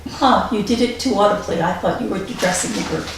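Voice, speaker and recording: Fast-talking stern woman chairing a meeting. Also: medium pitch, background noise. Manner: stern, procedural, reprimanding. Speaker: board president chairing the meeting. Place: library meeting room. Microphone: distant camera. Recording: echoey room from far off.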